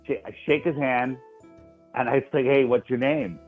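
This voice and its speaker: A man's voice: medium pitch, steady tone, moderate pace, phone-quality sound, soft background music. A man in casual chat, telling stories animatedly and repeating words as he goes. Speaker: guest.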